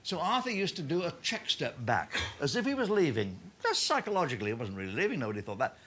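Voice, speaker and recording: Lively comedian telling stories. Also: male voice, fairly high pitch, fast talker, background noise. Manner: lively storytelling punctuated by laughter. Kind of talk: anecdotal stage talk.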